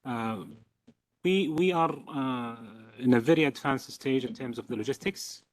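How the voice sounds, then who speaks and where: A man from Saudi Arabia with a Saudi accent, a native Arabic speaker, giving a formal statement as the host country's representative, halting, with many fillers and repeated words. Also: mid-range voice.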